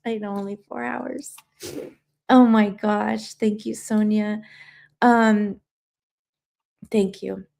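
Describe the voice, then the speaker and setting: A woman's voice: medium pitch, little pitch movement, slow, creaky, long pauses, darkish tone. A woman hosting a livestream, talking earnestly while crying and reading viewer comments aloud. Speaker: livestream host.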